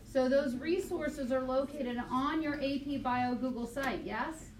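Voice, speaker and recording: A woman biology teacher lecturing a class, quizzing students with quick questions, recorded on a tablet mic across the classroom. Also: high-pitched, darkish tone. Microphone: tablet mic from across the room. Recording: echoey classroom, distant mic, faint noise.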